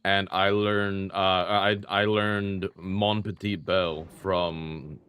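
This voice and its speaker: A man's voice: low-pitched, steady tone, slow pace, a bit bright, slight background noise. A young man streaming a retro game, chatting casually and self-deprecatingly with his viewers while he plays. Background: faint game music.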